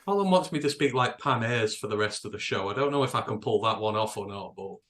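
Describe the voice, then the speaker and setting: British male co-host, excitable, rambles with restarts. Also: lowish voice, quick pace. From England. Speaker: podcast co-host. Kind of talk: casual chat.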